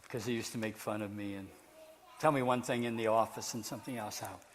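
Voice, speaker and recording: A man's voice: on the low side, steady tone, fast, a little hiss or hum. A man preaching to a live audience, telling a story in an earnest, emphatic way. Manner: earnest, emphatic speaking to a crowd. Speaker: preacher and ventriloquist.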